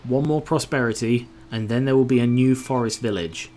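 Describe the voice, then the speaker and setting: A man's voice: mid-range voice, moderate pace, darkish tone, a little hiss or hum. A man grumbling and swearing to himself while giving casual gameplay commentary.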